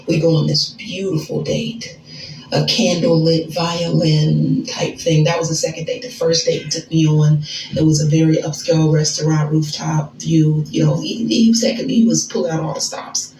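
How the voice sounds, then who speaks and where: An American woman telling a casual story in an animated, slangy, chatty way. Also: deep voice, normal speed, roomy sound, a little hiss or hum, rough recording. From United States. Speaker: storyteller in a social media clip.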